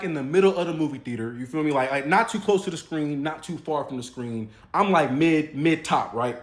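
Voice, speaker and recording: A young man telling a comedic story in casual slang, acting out the people in it with animated voices. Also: a little high, fast talker. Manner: animated, acts out quotes in voices.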